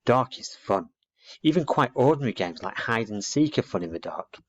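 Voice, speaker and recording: A man's voice: medium pitch, sing-song. A man voicing a cheerful, confident young boy scout in a storybook reading. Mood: enthusiastic. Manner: brisk, confident. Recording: dull lo-fi recording.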